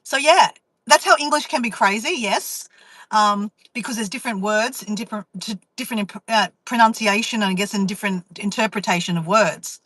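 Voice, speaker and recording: A woman vlogger, telling a story to her live chat in a chatty, animated way and acting out inner voices. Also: mid-range voice, brisk, no room sound, rough recording.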